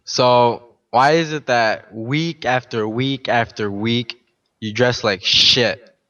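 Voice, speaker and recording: A man's voice: medium pitch, takes it slowly, pushed and bright. Taunting guy calling in, dull distant sound. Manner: taunting, heckling. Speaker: caller. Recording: muffled, distant call audio.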